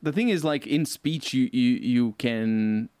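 A man's voice: medium pitch, a little slow, clean tone, dry recording. A man in casual podcast chat, ranting with exasperated energy and laughing between points. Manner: animated, exasperated rants with laughs.

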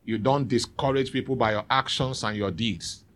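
A man's voice: medium pitch, normal speed, a bit bright, slight background noise. A man preaching a sermon in church, calling out to the congregation for responses. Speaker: pastor.

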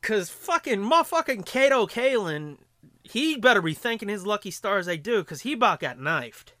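A man co-hosting a podcast, telling a casual, profane story in an animated way. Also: high-pitched, normal speed, no echo, studio quality. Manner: animated, profane storyteller doing voices in quotes. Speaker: podcast co-host. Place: podcast studio. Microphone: studio mic up close.

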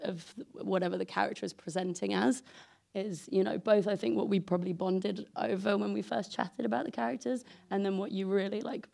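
Gravelly-voiced woman creator, laughing. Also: mid-range voice, steady tone, brisk, warm tone. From England. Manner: laughing, searching for words. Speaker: series creator. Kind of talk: panel Q&A answer.

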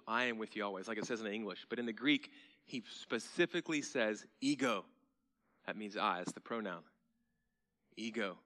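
A man pastor preaching a sermon in a church, conversational and then emphatic, sometimes dropping to a soft hush. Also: mid-range voice.

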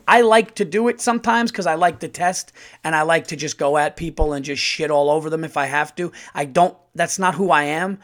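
A man hosts his podcast as a comedian telling a story. His voice sits a little high, and he talks casually with plenty of swearing. When he gets worked up, his pitch jumps and he nearly shouts. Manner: animated, profane, rising to shouting when heated.

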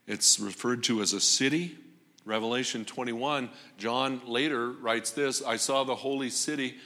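A man preaching a sermon with dramatic pauses and rising emphasis on repeated phrases. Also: mid-range voice, fairly even intonation, pushed and bright. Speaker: pastor. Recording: long hall reverb.

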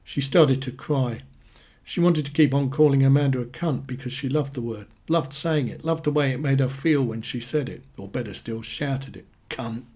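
Casting: a male reader of short stories, husky, deadpan delivery. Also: medium pitch, normal speed. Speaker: narrator. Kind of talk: reading short stories aloud.

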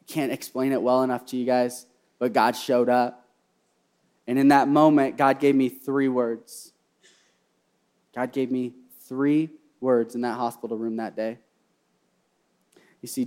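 A young man preaching a sermon, repeating key phrases and swinging from hushed personal storytelling to loud, fervent cries. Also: medium pitch. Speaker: pastor.

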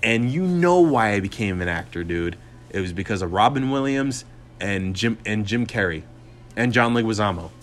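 A man's voice: on the low side, expressive, moderate pace, slight background noise. A man in his twenties hosting his own podcast, talking in a profane, sarcastic, rambling rant full of fillers and restarts. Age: 20s. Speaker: podcast host and comedian.

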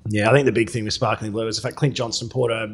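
A man's voice: lowish voice, level tone, racing, breathy edge. An Australian man co-hosting a racing podcast, chatting confidently about his tips and ribbing his fellow panellists. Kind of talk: casual tipping chat.

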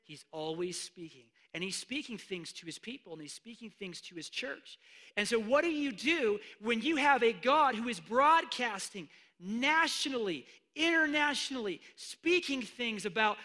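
A man preaching a sermon, animated, swinging between hushed asides and loud emphatic declarations. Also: high-pitched, normal speed. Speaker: pastor.

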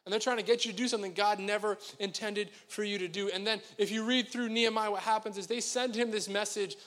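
A man's voice: sits high, fairly even intonation, quick pace, fairly bright tone, in a large hall. A man preaching a sermon to his congregation, talking in a conversational, joking way straight to the people in front of him. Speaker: pastor. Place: church sanctuary.

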